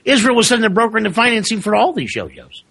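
A man's voice: high voice, sing-song, quick pace, creaky, a crowd in the background. A man speaking as a guest in a casual political chat, emphatic and driving his point.

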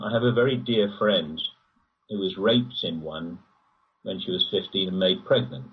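A guest in a conversational interview speaks with a very husky male voice, rambling and animated, his pitch jumping whenever he gets emphatic. The recording is distant, dull and lo-fi.

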